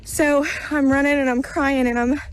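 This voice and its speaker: A woman telling a personal spiritual testimony in an earnest, halting way, full of fillers and restarts, recorded outdoors on a road. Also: sits high, level tone, a little hiss or hum. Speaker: vlogger sharing a spiritual testimony.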